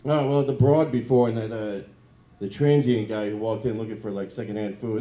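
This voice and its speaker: A man doing a crude, rambling stand-up comedy set in a comedy club, breaking into loud mock voices. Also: medium pitch, lively intonation, a little fast. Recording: echoey club room.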